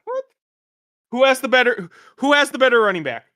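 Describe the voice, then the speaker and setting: A man co-hosting a sports podcast, arguing football in an exasperated tone. His pitch swings widely from low to high as he pushes back. The talk stays loose and conversational. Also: big pitch swings, brisk, bright, forceful tone. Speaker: podcast co-host. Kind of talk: casual sports betting chat.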